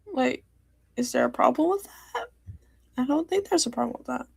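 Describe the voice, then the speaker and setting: Teen girl venting on her stream, kinda high, gravelly fry, hurt and rambly, dry close mic. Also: lively intonation, normal speed, darkish tone, no echo. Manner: hurt, rambling, many fillers and restarts. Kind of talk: upset personal livestream talk.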